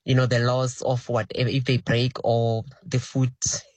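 A man's voice: mid-range voice, flat delivery, measured pace, a little mellow, no echo. Man in a voice note. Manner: earnest, firm about discipline. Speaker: listener leaving a voice note. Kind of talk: recorded voice note.

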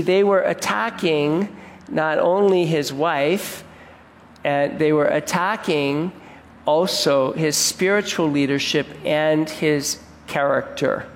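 A man delivering a sermon in a church sanctuary, his fairly high voice trailing off into a long hall reverb. He preaches earnestly and now and then mimics grumbling crowds in a whiny, raised tone. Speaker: pastor.

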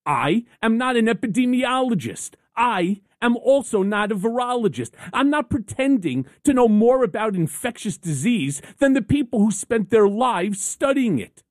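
A woman's voice: on the high side, a little mellow, no echo, studio quality. A woman hosting a call-in radio talk show, delivering an emphatic, rhetorical opinion monologue in short punchy sentences.

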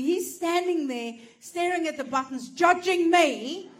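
A woman's voice: very high voice, unhurried. A woman doing stand-up, telling a story animatedly, swearing and laughing through it. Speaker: stand-up comedian.

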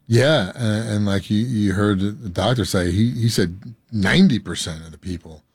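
A man's voice: lowish voice, moderate pace, slightly rough, no room sound. A man speaking as a guest on a radio show, earnest, often restarting his sentences. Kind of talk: radio interview.

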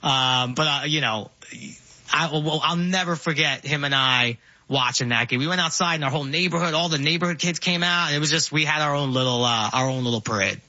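A man's voice: a little high, a little fast, no room sound, lo-fi sound. A man, telling stories eagerly as a guest on a talk show. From Brooklyn, New York. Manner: animated storyteller, excitable. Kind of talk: casual chat.

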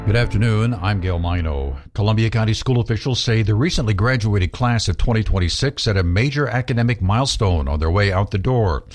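A man reading a local radio news bulletin in a steady, formal way. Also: on the low side. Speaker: local newsreader.

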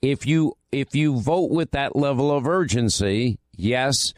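A man hosts a political talk radio show, delivering an ad read and monologue in an emphatic, punchy, repetitive style. His voice is medium-pitched and measured, captured on a close studio mic in a radio studio with a dry sound and no room ambience.

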